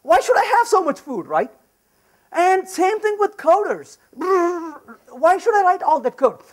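A man giving a lively conference talk on programming, emphatic and full of anecdotes. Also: very high voice, moderate pace. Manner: animated, emphatic, storytelling. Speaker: conference speaker. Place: conference session room.

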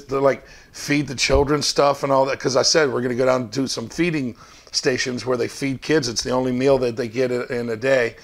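A man's voice: mid-range voice, vocal fry. A male pastor preaching a sermon to his congregation in a conversational, storytelling way.

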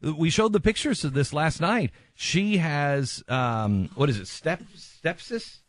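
A man's voice: on the high side, animated, slow, dry recording. Emphatic male talk radio host, dry sound. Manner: emphatic, impassioned, repeats himself for stress.

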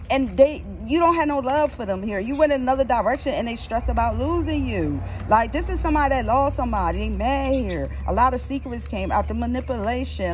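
A high-voiced woman giving a casual tarot reading outdoors, blunt and heavy with swearing. Steady noise and passing traffic run under her voice. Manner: blunt, profane and emphatic. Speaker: tarot reader.

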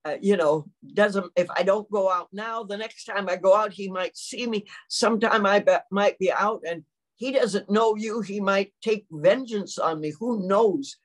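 A woman's voice: medium pitch, unhurried. An older woman, preaching a sermon and telling a personal story with lots of acted-out quotes.

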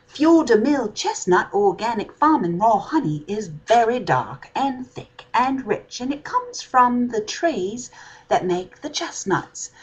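Woman vlogger at home, put-on British accent, lively sing-song delivery, slightly husky tone. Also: fairly high pitch, rough recording. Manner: playful, chatty, savoring. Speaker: vlog host. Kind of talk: casual home vlog.

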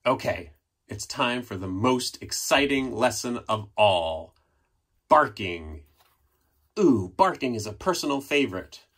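A man's voice: medium pitch, lively intonation, unhurried, a bit bright, slightly rough. A man hosting a children's storytime, reading aloud playfully with sound effects and prompts for the audience at home. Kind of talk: read-aloud storytime for kids.

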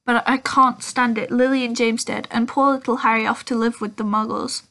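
Woman reading a soft-hearted giant, halting and tearful, storybook reading. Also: a little high, steady tone. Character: huge gruff man, gamekeeper, tearful and kind.

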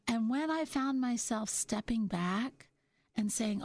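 Self-help host, woman, middle-aged, gentle and musing delivery, a touch high, dry close sound. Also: animated, no echo. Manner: gentle, musing, slows down for key points. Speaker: podcast host. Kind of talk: reflective self-help talk.

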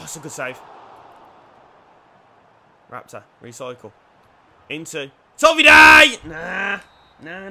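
Young man, gaming commentary, bright edgy voice, slightly high, quiet mutters to loud shouts, faint hum behind. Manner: swings from quiet mutters to shouting, swears, banters. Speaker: gaming YouTuber. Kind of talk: excited football game commentary.

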